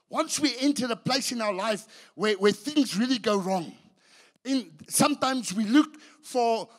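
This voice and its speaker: A man preaching a sermon as pastor, swinging between hushed and shouted passages, often restarting his sentences. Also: high-pitched. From South Africa. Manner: restarts and repeats words mid-sentence. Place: church.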